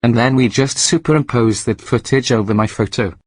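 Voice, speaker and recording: A man's voice: medium pitch, fairly quick, no room sound, close to an everyday voice. A man playing a courteous tentacled announcer being. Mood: matter-of-fact. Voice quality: calm, matter-of-fact, courteous. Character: polite tentacled otherworldly male announcer. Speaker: birthday announcer. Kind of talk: mock interview.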